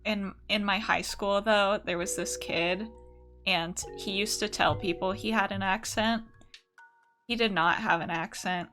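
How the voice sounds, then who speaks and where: Young american woman streaming art, chatty and sweary, bright voice, faint music in the back. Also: medium pitch, fairly even intonation, a little slow. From United States. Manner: chatty and profane, answering chat. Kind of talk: casual live-stream chat.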